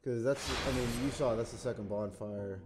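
A man's voice: lowish voice, moderate pace, very noisy. A man hosting a let's play, rambling through casual gameplay commentary, thinking aloud and bursting into exclamations and curses.

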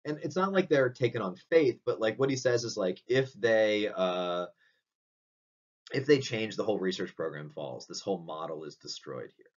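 A man's voice: lowish voice, lively intonation, normal speed. A man giving a recorded philosophy lecture, explaining step by step and often checking in with "right?". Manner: explanatory, frequent "right?" tag questions. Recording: dull distant lo-fi audio.

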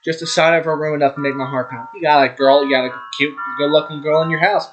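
A young man with a slightly high voice reads a visual novel out loud at a brisk clip, tripping over names and cursing at himself as he goes. Game music plays clearly behind him. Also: steady tone, highs cut off. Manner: reads fast, stumbles on names, swears and laughs at himself. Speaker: gaming YouTuber. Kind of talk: reading a visual novel aloud with commentary. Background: background music.

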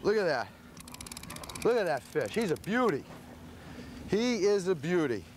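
A man hosting a fishing show, giving excited on-the-spot commentary from an open boat at sea. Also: high-pitched, unhurried. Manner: coaching, exclaiming over the catch. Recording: loud wind and engine noise outdoors.

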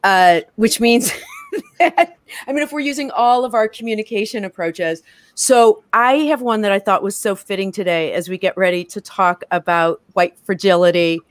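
A woman's voice: mid-range voice, moderate pace, no echo. A woman hosting a casual talk show over a video call, upbeat and laughing often. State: out of breath. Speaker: host.

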